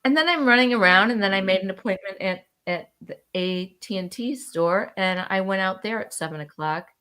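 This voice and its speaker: A woman's voice: mid-range voice, a little fast, pushed and bright, clean tone. A middle-aged woman co-hosting with her child, telling a long rambling story in casual chat, swearing now and then. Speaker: co-host, mother of the host.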